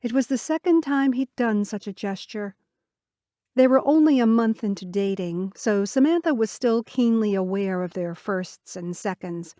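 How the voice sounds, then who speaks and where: A woman narrating an audiobook in a gentle, measured storytelling manner. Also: medium pitch, no echo, studio quality. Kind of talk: scripted narration.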